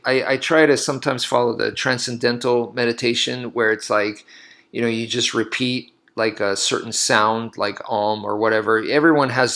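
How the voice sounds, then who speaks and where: A man who teaches martial arts, talking casually in a loose, rambling way and acting out his own past reactions. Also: medium pitch. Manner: rambling, animated storytelling with laughs. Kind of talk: casual monologue.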